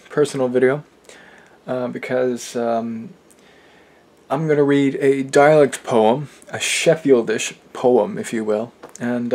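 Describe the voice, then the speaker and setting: Young guy vlogging, soft and a bit halting, earnest, average pitch. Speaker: channel host. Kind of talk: casual personal vlog to camera.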